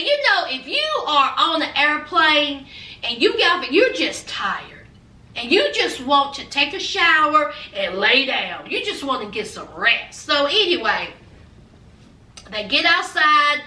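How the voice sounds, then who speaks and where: Sassy high-pitched woman. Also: echoey room, distant mic. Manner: sassy and animated, calls viewers honey and child, acts out quotes. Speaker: reality TV recapper. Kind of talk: casual chatty recap.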